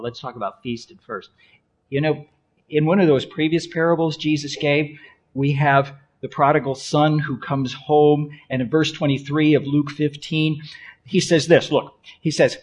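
Animated, high-voiced preacher man. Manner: animated, playful, swings between loud exclamations and hushed asides. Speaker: pastor. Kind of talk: sermon.

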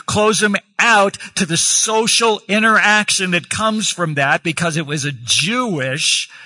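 A man's voice: sits high, bright, forceful tone. A man preaching a sermon, reading scripture aloud and explaining it verse by verse.

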